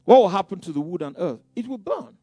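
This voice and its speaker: High-voiced preacher with faint music. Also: male voice, big pitch swings, quick pace, warm tone, no echo. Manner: conversational preaching with many "you know" asides and repeated phrases. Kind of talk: sermon.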